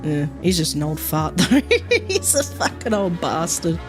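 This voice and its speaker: A woman's voice: fairly low pitch, big pitch swings, a little slow, music in the background. Foul-mouthed woman rambling on stream. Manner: rambling, swears a lot, many fillers. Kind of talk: casual stream chat.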